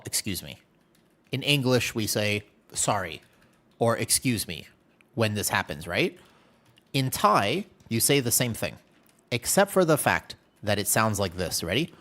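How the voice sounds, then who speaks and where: A male streamer from the United States talks casually while he plays a game, open and chatty. His speaking voice sits at an ordinary middle pitch. He tells his stories with animated, playful exaggeration. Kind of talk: casual livestream chat while gaming.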